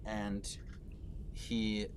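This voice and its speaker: A man narrates a tabletop game as game master, hesitating with fillers as he describes the scene. His voice sits low and moves at a slow pace. A clear hiss of background noise runs under the recording. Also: monotone.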